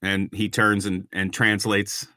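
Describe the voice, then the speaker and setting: A man's voice: on the low side, level tone, a little slow, pushed and bright, dry recording, clean studio sound. A man narrating a tabletop game as game master, describing scenes with frequent ums and restarts.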